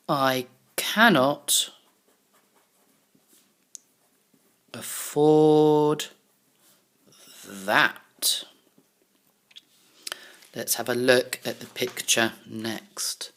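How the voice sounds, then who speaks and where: A low-pitched woman takes young pupils through a lesson at an unhurried pace. Her voice rises and falls a lot as she encourages them. It sounds like a recorded class for children. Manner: warm, encouraging teacher talk to young pupils. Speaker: primary school teacher.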